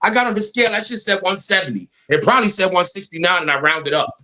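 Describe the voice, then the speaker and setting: A man's voice: high-pitched, expressive, fast talker, sharp tone. A man co-hosting a live stream panel, telling stories in casual, slangy, profane chat and acting out the voices he quotes.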